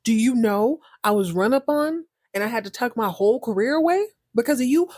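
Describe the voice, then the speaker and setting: A woman hosting a podcast, recapping a soap opera in an animated, slangy way. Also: fairly high pitch, a little fast, few pauses, no room sound, clean studio sound. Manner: animated, slangy, laughing storyteller. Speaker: podcast host.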